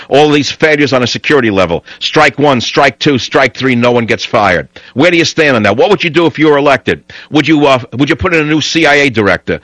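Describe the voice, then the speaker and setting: A man's voice: medium pitch, fairly bright tone, dry recording, low-quality recording. A middle-aged man hosting a talk radio show, ranting in a combative, sarcastic way.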